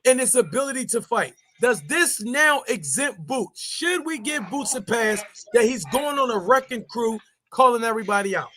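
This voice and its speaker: A man's voice: very high-pitched, lively intonation, moderate pace, hardly any pauses, sharp tone, a little hiss or hum. A man hosting a boxing podcast, reading updates and putting questions to a caller. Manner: reads updates, then hands over to the guest with questions. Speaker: podcast host.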